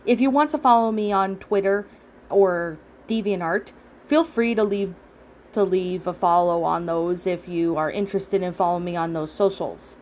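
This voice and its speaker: A woman's voice: lowish voice, normal speed, darkish tone, slight background noise. A woman reading a first-person horror story aloud as a channel host, in a dramatic storytelling manner. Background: background music.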